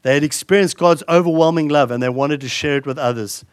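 A man delivers a sermon with a somewhat high voice. He builds earnest, emphatic repetitions, then sinks soft and slow on solemn points. The sound is close and dry, with little room around it. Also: smooth, no echo. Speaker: pastor.

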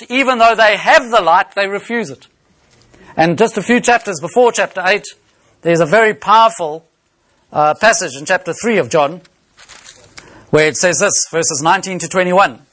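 A man preaching a sermon, expounding a Bible passage and reading scripture aloud in a measured way. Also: high-pitched, fairly bright tone.

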